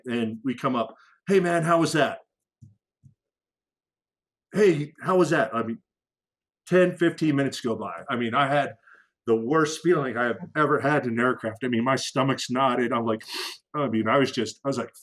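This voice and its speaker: A middle-aged man with a voice pitched in the ordinary middle range, telling combat stories in a loose, chatty podcast interview. He restarts sentences a lot and swears casually. His voice climbs sharply whenever he acts out the radio chatter. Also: moderate pace. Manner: animated storyteller who acts out radio calls with sudden loud raised lines; frequent restarts and fillers, profane casual military slang. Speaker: podcast guest, former fighter aircrew.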